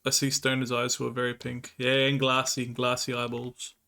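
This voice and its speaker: A man's voice: medium pitch, completely flat delivery, moderate pace, gravelly, sharp tone. A man livestreaming and chatting casually, telling crude, laughing anecdotes and answering chat.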